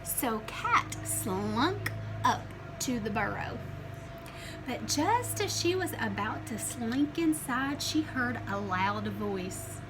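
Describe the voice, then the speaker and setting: A woman teacher reading a picture book aloud to children, animated and asking them questions as she goes. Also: a little high, slow pace, music in the background, low-quality recording. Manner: animated, asks the listeners questions.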